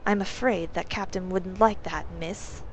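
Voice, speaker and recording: A woman voicing a polite, soft-spoken male lizard-folk lieutenant. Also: fairly low pitch, steady tone, unhurried, slight background noise, natural voice. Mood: courteous.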